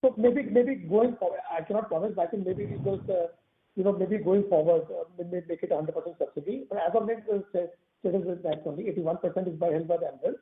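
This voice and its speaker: A man's voice: sits high, fast. A man with an Indian English accent, a company executive answering analyst questions on an earnings call, hesitant and repeating himself. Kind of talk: conference call Q&A. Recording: tinny phone line.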